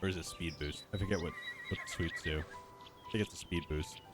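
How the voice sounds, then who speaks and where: A man's voice: low-pitched, a little fast, over music. A man hosting a live stream, giving casual, playful commentary while playing and talking to his chat. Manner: chatty, playful, talks to chat.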